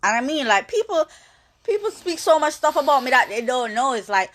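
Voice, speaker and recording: A young woman in her twenties, a social media personality, talking candidly in a rambling way with halting restarts. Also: high-pitched, very animated, fairly bright tone. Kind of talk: candid monologue.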